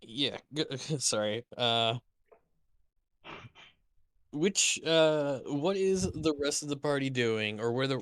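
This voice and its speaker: Slow, halting game master man. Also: mid-range voice, a bit bright, smooth, no echo. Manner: halting, full of ums and self-corrections. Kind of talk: narrating a tabletop game.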